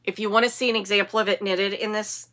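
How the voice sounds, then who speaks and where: Woman, 50s, podcast host; bright, clear tone, casual rambling chat with frequent self-corrections. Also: mid-range voice, flat delivery, quick pace.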